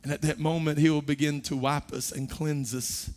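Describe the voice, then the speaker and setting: A middle-aged man preaching a sermon, his voice swelling from soft to loud as he makes his point. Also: fairly high pitch, little pitch movement, normal speed. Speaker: pastor.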